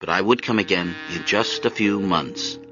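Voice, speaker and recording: A man reading an audiobook in an expressive storytelling manner. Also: low-pitched, normal speed, music in the background. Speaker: audiobook narrator. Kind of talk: scripted narration. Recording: dull, dry lo-fi audiobook recording.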